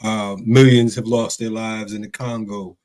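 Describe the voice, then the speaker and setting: A man hosting an interview, relaxed and chiming in with quick affirmations. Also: fairly low pitch. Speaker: host. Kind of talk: casual interview.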